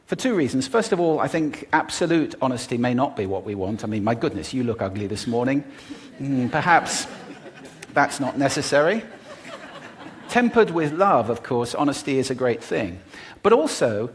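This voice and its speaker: Man giving a lively, expressive stage talk. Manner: expressive, deliberately varies pitch, pace and volume. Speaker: public speaker on voice. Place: stage before a live audience.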